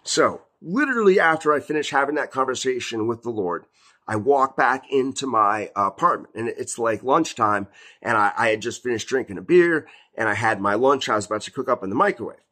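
A man's voice: medium pitch, animated, brisk, sharp tone. A man in his thirties giving a casual spoken testimony as a Christian video host, rambling with many fillers like "like" and "you know". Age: 30s.

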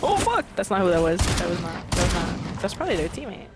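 A young woman chats while gaming at her desk, her voice leaping up and down as she teases and curses her teammate. Loud bursts of gunfire from the game pound behind her the whole time. She sounds offhand and quick to shout. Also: fairly low pitch, lively intonation, heavy background noise. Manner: profane, teasing, loud outbursts. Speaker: streamer. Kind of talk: casual gaming chat. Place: home room at a wooden desk.

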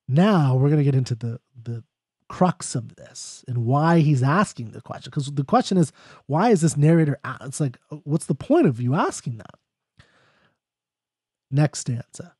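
Guy talking through a poem, warm mellow voice, dry close sound, chatty and thinking out loud. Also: medium pitch, expressive, breathy edge, no echo. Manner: conversational, thinks aloud, reads verse lines slowly. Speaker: poetry explainer. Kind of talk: casual spoken lecture on a poem.

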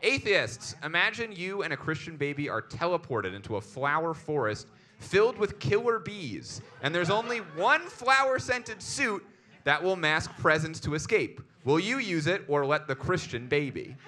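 Casting: man, comedy podcast co-host, slightly high bright voice, animated, deadpan-straight delivery of silly prompts. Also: normal speed. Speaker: co-host reading questions.

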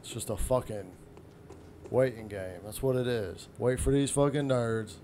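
A man casually commentating on his first playthrough of a game, swearing often and reacting loudly to sudden threats. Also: medium pitch, fairly even intonation, a little slow, slight background noise. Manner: profane, jumpy reactions to the game. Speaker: gaming channel host. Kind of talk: let's play commentary.

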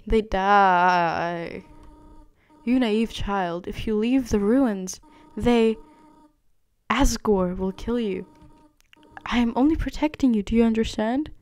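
A woman's voice: mid-range voice, slow pace, pauses often, darkish tone, close to an everyday voice. A woman reading a stern, motherly goat monster queen from a video game aloud, in a Valley Girl voice.

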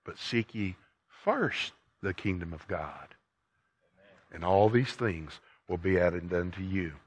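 Folksy older preacher, emphatic. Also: male voice, very animated, slow pace, husky. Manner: folksy, emphatic preaching that swings from low to loud. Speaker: pastor. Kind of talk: sermon.

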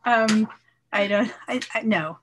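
Older woman reading poetry, measured. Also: slight background noise. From New York, USA. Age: 70s. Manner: measured, expressive reading, soft voice dropping low on some lines. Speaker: poet. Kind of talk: poetry reading with casual asides.

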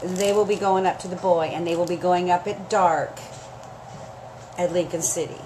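A woman's voice: on the low side, steady tone, normal speed, a little mellow. A woman hosting a chatty live sale stream, gushing and emotional as she talks straight to her viewers, her throat scratchy and dry.

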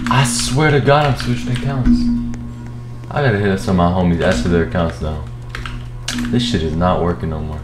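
A young man giving gameplay commentary, swearing and shouting in frustrated outbursts, with game music and keyboard typing behind him. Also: low voice, normal speed, long pauses. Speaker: gaming streamer.

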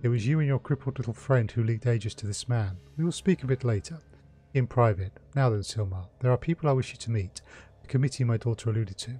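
A man's voice: mid-range voice, warm tone, breathy edge, lightly acted. Man reading as an icy, wealthy elf patriarch. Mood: cold. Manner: icy, measured and commanding. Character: cold, formal, wealthy elf father.

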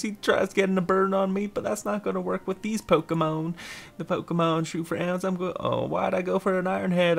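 Giggly high-voiced man rambling over gameplay. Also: gravelly. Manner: rambling, giggly, repeats a silly catchphrase. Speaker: gameplay commentator. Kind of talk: casual let's-play commentary.

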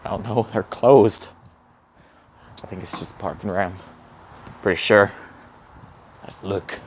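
Excitable swearing man vlogging outdoors. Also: on the low side, unhurried, slight background noise. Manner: excitable, gasping, swearing, awestruck exclamations. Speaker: comedic vlogger in character. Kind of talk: comedic walking vlog. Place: outdoors, walking around a campus. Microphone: handheld camera.

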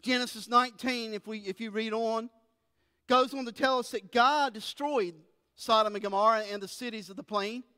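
A woman pastor preaching a sermon and reading scripture with expressive emphasis, in a church sanctuary with a few people present. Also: on the high side, normal speed, dry recording, studio quality, in a large hall. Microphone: filmed for an online service.

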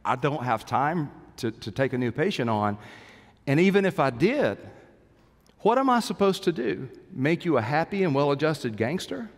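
A man's voice: on the high side, sing-song, normal speed, pitched above the performer's own voice. A brusque, impatient psychiatrist, put on by a male preacher in a slightly raised voice, waves off a new patient. The voice rings through a big reverberant hall. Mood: exasperated. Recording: long church hall reverb.

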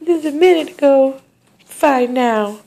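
A woman's voice: sits high, a little slow, gravelly, mellow, pitched above the performer's own voice. A woman voicing her sulky, fed-up male tuxedo cat as he complains in a pet video. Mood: grumpy.

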